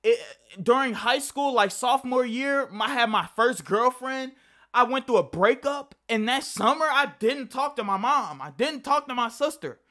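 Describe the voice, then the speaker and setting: A man's voice: very high-pitched, fairly bright tone. A young man telling a casual personal story to camera, rambling and profane, often restarting his sentences. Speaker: vlogger.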